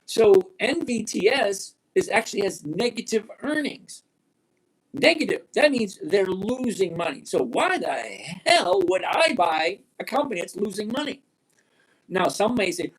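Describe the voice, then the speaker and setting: A man in his sixties hosting a live stock-trading chat, blunt and emphatic, repeating key points slowly. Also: high voice, husky. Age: 60s. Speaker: livestream host.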